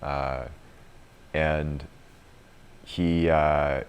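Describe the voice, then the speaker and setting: A man's voice: a bass voice, level tone, very slow, smooth. A man in his thirties leading a retreat group, telling a story in a chatty way and laughing often. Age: 30s. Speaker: retreat leader and coach.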